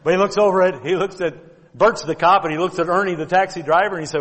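Man, pastor, earnest sermon, scripture quotes, fairly high voice, long hall reverb. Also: fast, a bit bright. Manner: earnest preaching, numbered points, quoting scripture in old wording.

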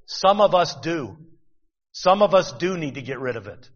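A man's voice: a little high, expressive, normal speed, a bit bright, lo-fi sound. Man preaching in a reverberant hall. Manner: conversational preaching, rhetorical questions. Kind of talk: sermon.

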